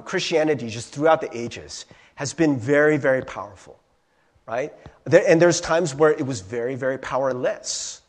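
A man preaching a sermon as a pastor, animated, acting out crowd voices and asking rhetorical questions. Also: on the high side.

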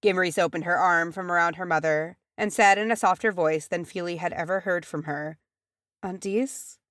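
A woman with a low, deep voice reads a fantasy chapter aloud. She narrates steadily and changes her voice for each character. The recording is dry and close, with no room sound. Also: fairly even intonation, a little fast, fairly bright tone, clear, resonant tone, no echo. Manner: voices characters with pitch shifts. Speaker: audiobook reader. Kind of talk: fan fiction audiobook narration.

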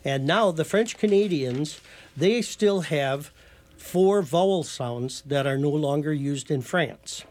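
Guy on a talk show explaining stuff slow and patient, voice a bit high, lecture-y. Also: expressive, a little mellow. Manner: patient, lecturing, spells words out. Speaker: guest from a heritage foundation.

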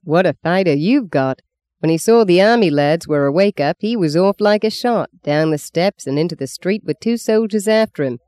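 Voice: mid-range voice, lively intonation, moderate pace, darkish tone, no room sound, close to an everyday voice. A reader doing a hearty boasting sergeant. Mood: boastful. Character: rough, boastful country police sergeant, man.

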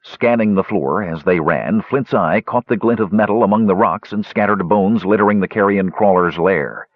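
A man reading a fantasy adventure aloud in steady, measured scripted narration. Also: lowish voice, dry recording. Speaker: audiobook narrator. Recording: dull, dry lo-fi recording.

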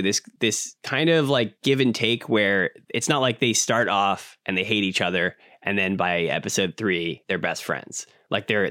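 A man co-hosting a podcast, talking in a relaxed, casual way and hedging with fillers as he explains. His voice sits on the low side. The sound is dry and close. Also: dry recording. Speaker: podcast co-host.

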